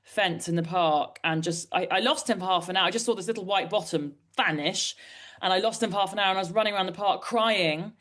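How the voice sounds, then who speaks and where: A woman's voice: mid-range voice, a little fast, a bit bright. A woman in her forties from Britain, an author being interviewed, telling stories in a candid, rambling, self-deprecating way. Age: 40s. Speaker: author guest. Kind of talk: candid conversational storytelling.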